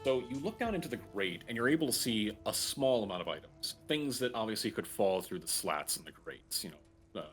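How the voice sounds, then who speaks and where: A man with a low voice runs a tabletop game, describing the scene in a loose, relaxed way with plenty of fillers. Faint music plays quietly under his voice. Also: brisk. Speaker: game master.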